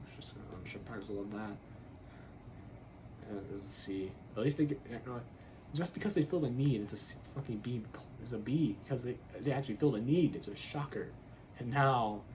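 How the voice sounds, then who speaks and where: A man's voice: medium pitch, warm tone, a little hiss or hum, rough recording. Blunt, exasperated man ranting about football. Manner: blunt, exasperated, swears and laughs while ranting. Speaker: football draft grader. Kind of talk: casual sports commentary.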